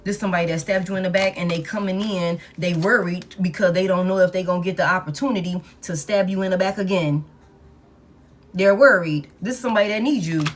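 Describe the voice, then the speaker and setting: A woman's voice: fairly low pitch, quick pace, few pauses, a little hiss or hum. A woman giving a casual tarot reading, talking bluntly and with profanity, and repeating key lines for emphasis. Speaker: tarot reader.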